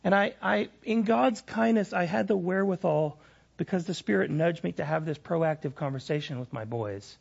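Gravelly high-voiced man preaching. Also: moderate pace, highs cut off. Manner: candid, personal storytelling with frequent restarts. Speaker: pastor. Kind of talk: sermon.

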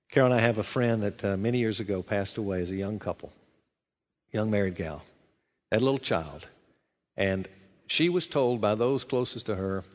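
A man's voice: on the low side, lively intonation, moderate pace, long pauses. A man preaching a sermon in an earnest, conversational way, asking rhetorical questions as a pastor. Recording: dull sound with long hall reverb.

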